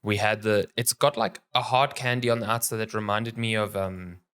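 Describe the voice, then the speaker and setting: This South African man has a lowish voice and co-hosts a relaxed gaming podcast over a remote call. He talks in a loose, joking way, trailing off mid-sentence and filling gaps with "uh" and "like". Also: moderate pace, clear, resonant tone. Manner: loose, joking storyteller who trails off with fillers. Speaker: podcast co-host. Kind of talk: casual podcast chat. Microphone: remote call mic.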